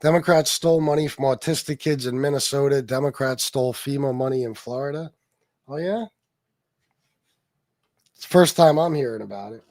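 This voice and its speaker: A man's voice: medium pitch, creaky, dry recording, clean studio sound. A man hosting a casual political livestream, reading chat comments aloud and answering them in a profane, mocking, sarcastic way. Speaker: livestream host.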